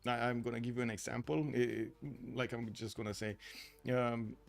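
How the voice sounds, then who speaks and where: A man from Romania with a Romanian accent, commentating a strategy game tournament live, excitable and full of filler sounds. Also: medium pitch, moderate pace, creaky, soft background music. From Romania, Bucharest. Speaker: tournament caster and streamer.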